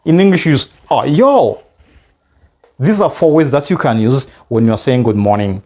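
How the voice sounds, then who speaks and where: A man's voice: mid-range voice, lively intonation, normal speed, warm tone. A man with a Rwandan accent teaching an English lesson, switching between two languages and repeating phrases for students to drill.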